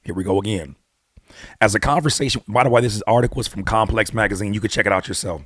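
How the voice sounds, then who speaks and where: A man hosting his own channel, giving blunt, animated hip-hop commentary full of rhetorical questions and casual swearing. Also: fairly low pitch, quick pace, dry recording, studio quality. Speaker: YouTube host and rapper. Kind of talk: opinionated music commentary.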